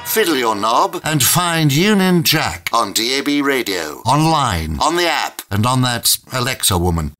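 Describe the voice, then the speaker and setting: A man reading a jokey radio station promo in a playful, drawn-out way. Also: medium pitch, sing-song, pushed and bright. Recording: promo voice over clear music.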